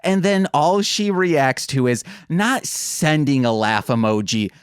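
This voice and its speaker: A man co-hosting a podcast in casual chat, candid and sardonic, joking about dark subjects. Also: on the high side, animated, slow, smooth, no echo, clean studio sound. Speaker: podcast co-host.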